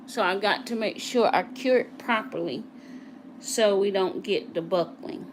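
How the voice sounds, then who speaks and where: A woman's voice: mid-range voice, unhurried. Woman, nail technician, chatty live tutorial, faint room noise. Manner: chatty, talks to live viewers while working. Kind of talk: casual live tutorial chat.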